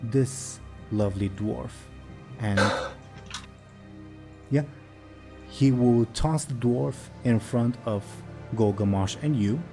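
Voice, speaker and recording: A man narrating as game master of a tabletop game, pausing on fillers as he describes scenes. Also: mid-range voice, gravelly, music in the background.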